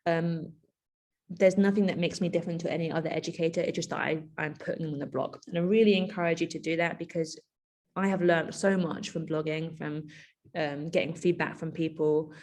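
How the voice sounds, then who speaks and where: A woman's voice: deep voice, fairly quick. Chatty woman giving a keynote. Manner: chatty and animated, with frequent asides and fillers. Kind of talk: conversational presentation.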